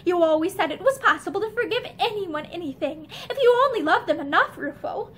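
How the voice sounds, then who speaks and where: A woman's voice: very high-pitched, animated, brisk, fairly bright tone. Woman reading as a distraught young woman. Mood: remorseful. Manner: emotional, pleading, breaking into sobs.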